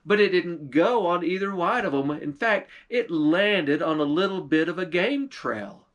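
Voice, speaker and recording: A man telling a folktale in an unhurried, homespun way. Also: high-pitched, expressive, a bit bright. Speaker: storyteller. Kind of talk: folktale storytelling.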